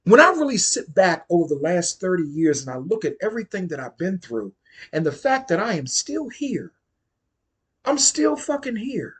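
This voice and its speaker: Husky-voiced, blunt D.C. man telling a story. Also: high-pitched, big pitch swings, moderate pace. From Washington, D.C. area. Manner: blunt, profane, emphatic, repeats phrases for stress. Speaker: vlogger. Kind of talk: casual storytime monologue.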